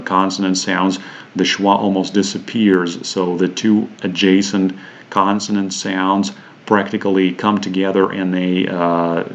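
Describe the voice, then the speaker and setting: A man teaching English pronunciation, walking through web pages with many halting fillers and slowing down to pronounce example words. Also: low-pitched, muffled recording. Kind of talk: screen-share teaching walkthrough.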